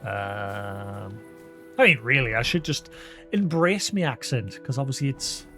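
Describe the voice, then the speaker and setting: A Geordie man talks casually over his gameplay, wandering from thought to thought and laughing at his own fumbling. His pitch sits mid-range, and faint music runs underneath. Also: lively intonation, measured pace, sharp tone. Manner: rambling and self-deprecating, with frequent "like" fillers. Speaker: streamer. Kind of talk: casual live-stream chat while gaming.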